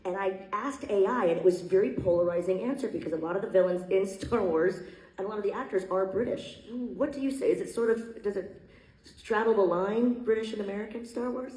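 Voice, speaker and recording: A woman's voice: medium pitch, brisk, a little mellow. A woman moderating a convention panel, asking friendly, teasing questions. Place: convention stage hall. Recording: echoey hall, distant mic.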